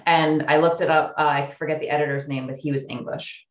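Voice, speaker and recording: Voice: medium pitch, level tone, fairly quick, highs cut off. Matter-of-fact speaker in an echoey room. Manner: matter-of-fact, shares looked-up facts. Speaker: podcast co-host. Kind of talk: casual film discussion.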